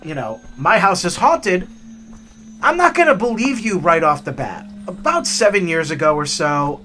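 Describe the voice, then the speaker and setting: A man hosting a hiking vlog and telling stories in an animated, chatty way with many fillers. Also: a little high, normal speed, a little hiss or hum. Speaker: hiking vlogger. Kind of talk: storytelling narration.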